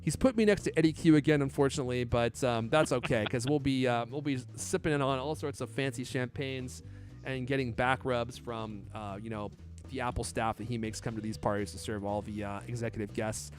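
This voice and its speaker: A man's voice: medium pitch, steady tone, fairly quick, soft background music. A man hosting a podcast in a casual, joking, chatty way. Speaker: podcast host.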